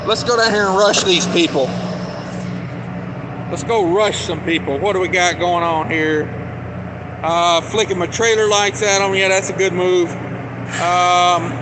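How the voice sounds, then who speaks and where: A man's voice: high-pitched, fairly even intonation, measured pace. Chatty man live-streaming from a noisy truck yard. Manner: loose, chatty, thinks aloud with many fillers. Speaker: truck driver. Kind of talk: casual live-stream vlog, answering viewer chat. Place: outdoors in a truck lot at a cold storage yard. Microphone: phone held while walking. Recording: loud running refrigeration units and vehicle noise outdoors.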